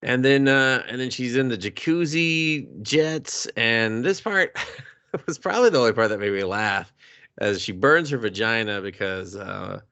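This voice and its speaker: Gravelly, profane podcast co-host. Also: male voice, mid-range voice, a little slow, no room sound. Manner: profane, animated retelling with put-on character voices. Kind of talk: casual movie review chat.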